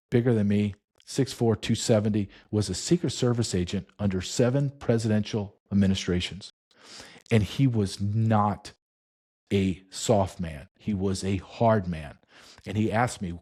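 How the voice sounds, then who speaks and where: A middle-aged man telling a story in an interview, emphatic and intense, slowing down for dramatic weight. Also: on the low side, dark tone. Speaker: interview guest, former border agent.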